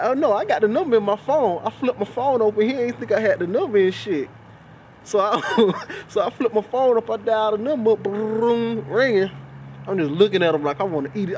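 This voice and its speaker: A young man telling a story about a fight at work in a casual, profane, animated way, acting out what each person said. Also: high-pitched, a little hiss or hum. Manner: profane, animated, acts out quoted voices with laughs.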